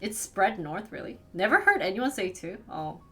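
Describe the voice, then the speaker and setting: A woman's voice: medium pitch, very animated, normal speed, a bit bright, soft background music. A young woman streamer from the northern United States, chatting casually with her viewers, giggly and full of "like". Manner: chatty, giggly, fills talk with "like". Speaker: live streamer. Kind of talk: casual chat with live viewers.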